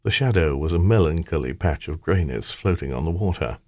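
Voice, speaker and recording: A man's voice: rumbling low, animated, fairly quick, a little mellow, no echo. A man reading a fantasy audiobook aloud, telling the story in the first person in a wry, theatrical way. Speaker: audiobook narrator. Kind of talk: scripted audiobook narration.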